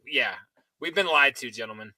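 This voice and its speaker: A man's voice: mid-range voice, moderate pace, bright, forceful tone, no echo, low-quality recording. A man co-hosting a podcast in casual chat, incredulous and swearing freely. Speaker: podcast co-host.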